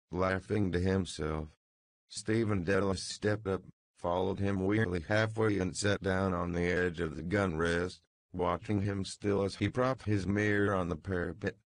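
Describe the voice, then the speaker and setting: A man narrating a literary audiobook in an unhurried, measured way. His voice is very low with a gravelly texture. The recording is dry and close. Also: dry recording.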